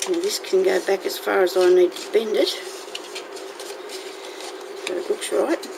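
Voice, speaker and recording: Gravelly-voiced woman chatting through a craft project. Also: medium pitch, fairly even intonation, a little slow. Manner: chatty, talks to herself while working. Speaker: craft tutorial host. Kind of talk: casual crafting tutorial talk. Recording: noisy home recording.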